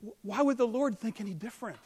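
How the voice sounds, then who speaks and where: A man's voice: very high-pitched, fast talker, slightly rough. Earnest preaching man in a reverberant hall. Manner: earnest, rises to loud emphatic peaks then drops soft. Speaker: pastor. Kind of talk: sermon.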